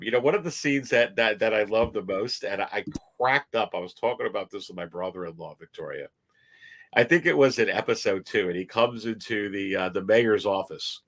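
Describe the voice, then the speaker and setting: Bright-voiced animated man chatting. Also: fairly low pitch. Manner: animated, repeats words, laughs easily. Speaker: guest toy collector. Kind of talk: casual chat on a livestream.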